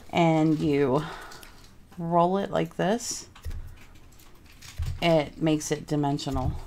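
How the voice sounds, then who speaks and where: Young mom crafting at home, slow gravelly voice, lowish, bit of hiss behind. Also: female voice, darkish tone. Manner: chatty, thinking aloud, changes her mind. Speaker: craft vlogger. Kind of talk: casual craft demonstration.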